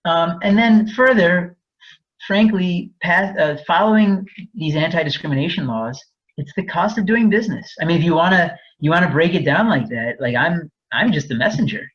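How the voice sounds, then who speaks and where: A man's voice: high-pitched, animated, normal speed, breathy edge, highs cut off. A man presenting a fair housing webinar, explaining in a candid, conversational way with frequent restarts. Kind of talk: webinar lecture.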